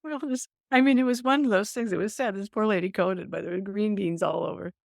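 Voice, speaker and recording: An older woman, a veteran emergency nurse, telling stories from her career in a casual podcast interview, lively and quick to laugh. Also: mid-range voice, gravelly, dry recording, studio quality. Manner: animated storyteller, breaks into laughter, many restarts.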